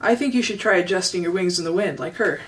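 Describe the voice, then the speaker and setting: A woman reading a storybook, voicing a calm, protective female robot who speaks formally and without contractions. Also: lowish voice, fast, distant mic, close to an everyday voice, rough recording.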